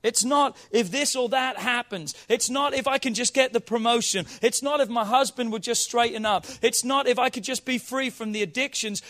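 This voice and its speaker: A man's voice: very high voice, moderate pace, hardly any pauses, fairly bright tone. A man preaching to his congregation. He quizzes the room playfully, reads scripture and builds to emphatic, rising appeals. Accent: non-local accent. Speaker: pastor. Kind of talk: sermon. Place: church hall with congregation.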